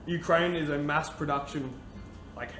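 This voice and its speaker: A man's voice: a little high, fairly even intonation, normal speed, a bit bright, soft background music. A young man hosting a casual talk show, chatty and upbeat as he talks viewers through making a cocktail. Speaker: podcast host and bartender. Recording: echoey room with background noise.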